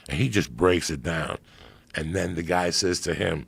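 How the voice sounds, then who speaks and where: A man on a podcast, telling a story in a profane, animated way that swings from hushed and low to loud and excited. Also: moderate pace, gravelly, slightly rough, dry recording. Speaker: podcast guest.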